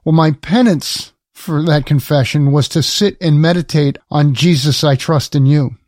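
Male co-host, reflective and halting, a bit high-pitched, dry close recording. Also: darkish tone, no room sound. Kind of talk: casual podcast conversation.

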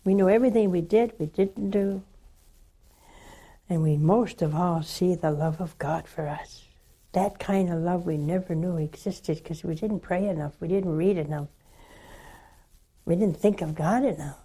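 An older woman hosting a religious call-in show, gently and emphatically counseling a caller. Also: fairly low pitch, husky. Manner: slow, warm pastoral counseling, emphatic and coaxing. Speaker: religious TV host taking calls.

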